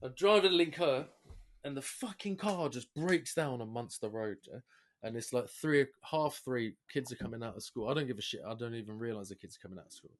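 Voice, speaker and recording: A young man with a London accent telling rowdy stories on a casual podcast, swearing freely and jumping between loud and quiet. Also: a little fast. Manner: animated, swearing, big jumps in pitch and loudness. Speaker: podcast co-host. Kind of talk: casual storytelling chat.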